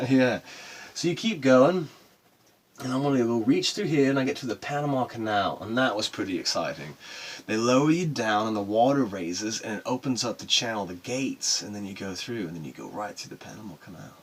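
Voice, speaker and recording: Male actor doing a foul-mouthed sailor spinning a sea tale, raspy voice that swings up and down, rambling and emotional. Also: fairly low pitch, lively intonation, normal speed. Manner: profane, rambling and emotional storytelling. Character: rough-talking male sailor recounting a solo voyage. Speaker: actor performing a monologue. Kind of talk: dramatic monologue.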